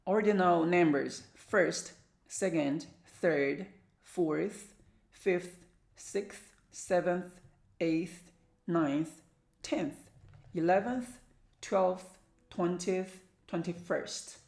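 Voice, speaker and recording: A woman teaching English vocabulary, reading country names and numbers aloud one by one and slowly. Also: on the low side, creaky, a little mellow, roomy sound. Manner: slow, careful word-by-word reading. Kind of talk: vocabulary lesson, reading word lists aloud.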